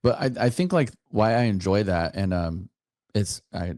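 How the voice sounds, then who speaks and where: Low-voiced man, hesitant and rambling. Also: lively intonation, normal speed, a little mellow, no echo, studio quality. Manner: hesitant, many fillers. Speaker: guest, soldier. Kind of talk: casual interview chat.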